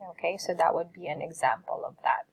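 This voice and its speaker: A woman's voice: sits low, fairly quick, creaky, slightly rough, poor audio. A woman teacher giving a recorded lesson, patiently saying words and asking students to repeat them.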